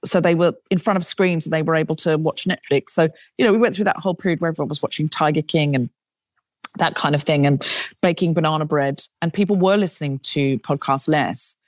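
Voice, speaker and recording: A woman from Australia with a British accent with a faint Australian trace, talking as a guest comedian in an animated, self-deprecating way. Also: sits low, fairly quick, dry recording, clean studio sound. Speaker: comedian and podcast host, guest. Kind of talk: casual interview talk.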